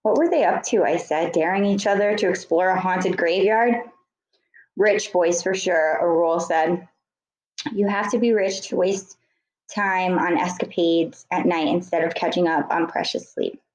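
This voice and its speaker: A woman's voice: fairly low pitch, measured pace, darkish tone, reverberant, low-quality recording. A woman teacher reading a book chapter aloud to students, correcting her slips and stopping to explain words.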